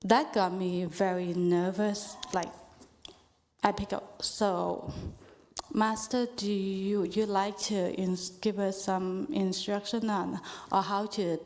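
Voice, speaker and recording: Slow, hesitant woman asking a question. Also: medium pitch, little pitch movement, a little mellow. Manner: hesitant, halting.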